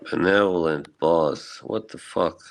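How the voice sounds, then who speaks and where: A man's voice: low voice, a little slow, creaky. A man chatting on a casual live stream, rambling and swearing as he answers his chat, emotionally shaken.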